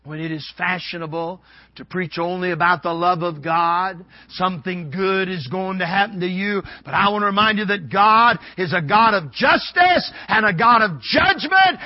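A man preaching a sermon, moving between hushed low passages and loud, shouted dramatic ones. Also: dry recording, lo-fi sound.

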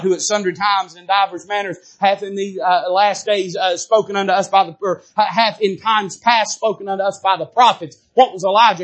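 High-voiced man preaching a fervent sermon. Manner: fervent preaching with big swings in pitch and loudness; addresses the congregation directly. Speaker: pastor. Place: church sanctuary.

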